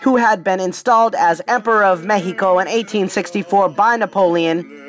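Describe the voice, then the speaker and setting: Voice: medium pitch, normal speed. A podcast host, a little tipsy, reading history in a casual, playful way with slangy joking asides. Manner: hyped, playful, streetwise slang, repeats "ladies and gentlemen".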